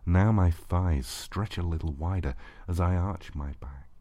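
A man narrating an intimate erotic audio story in a slow, hushed voice that often drops to a breathy whisper. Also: sits low, no echo.

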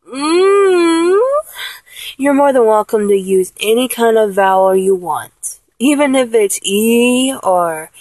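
Woman instructor, breathy and unhurried, coaches patiently step by step. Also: medium pitch, dry recording, low-quality recording. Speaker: vocal instructor. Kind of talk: instructional talk.

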